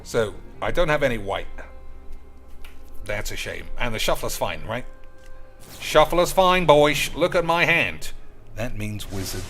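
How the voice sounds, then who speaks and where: A man streaming a card game, with rowdy, crude banter that keeps calling out to the boys and jumps into loud, high outbursts. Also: sing-song, a little slow, long pauses, soft background music. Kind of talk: casual gaming commentary.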